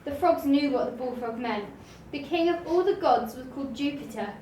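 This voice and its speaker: A woman reading a storybook aloud in a gentle, expressive way. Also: high-pitched, normal speed, far from the mic. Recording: roomy room, voice off-mic, faint hiss.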